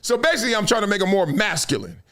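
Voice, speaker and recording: A man hosting a live sports talk stream, lecturing his viewers in a casual, slangy, animated way with laughs between points. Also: high-pitched, rapid-fire. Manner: animated, preachy, drops into quoted voices. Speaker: sports talk show host. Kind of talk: live-streamed commentary monologue.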